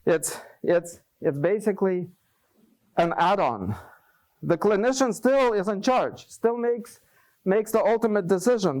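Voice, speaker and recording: A man's voice: high voice, animated, unhurried, darkish tone. Man answering questions at a workshop. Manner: thoughtful, restarts and repeats words. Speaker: presenter.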